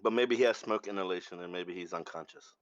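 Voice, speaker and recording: A man playing a tabletop game, talking in a quick, easygoing way. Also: low voice, no echo, muffled recording. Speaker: player. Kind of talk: casual tabletop play.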